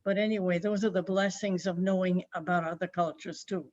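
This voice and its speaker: A woman's voice: on the low side, steady tone, brisk, a little mellow, dull audio. A woman on a webinar panel reflectively tells a personal story over a video call, with rambling restarts. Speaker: panel speaker.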